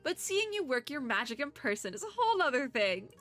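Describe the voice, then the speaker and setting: A woman's voice: sits high, very animated, fairly quick, a bit bright, soft background music, pitched above the performer's own voice. Woman reading as an upbeat young truck driver.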